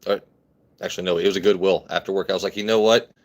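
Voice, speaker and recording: A man with a somewhat low voice hosts a relaxed live stream, tasting whiskey at his desk mic. He chats and jokes with his viewers in an easy, playful way. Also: rapid-fire. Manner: jokey, chatty, reads and greets chat. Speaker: livestream host reviewing whiskey. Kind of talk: casual live stream chat.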